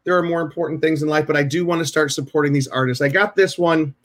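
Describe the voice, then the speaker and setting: This podcast host talks fast, his pitch on the high side and his intonation fairly even. Over a video call from a shelved room at home, he chats casually and rambles through stories, restarting and interrupting himself many times.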